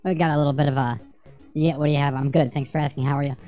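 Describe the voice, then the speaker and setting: Low voiced lady rambling and cussing through a retro game stream, faint music behind. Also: fairly even intonation, very fast, mellow, highs cut off. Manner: rambling, profane, joking banter with chat. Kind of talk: casual livestream gameplay commentary.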